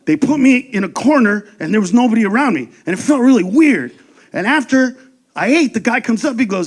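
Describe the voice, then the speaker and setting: A man doing stand-up comedy on stage into a handheld mic, loud, profane and punchy. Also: high voice, expressive, fairly quick.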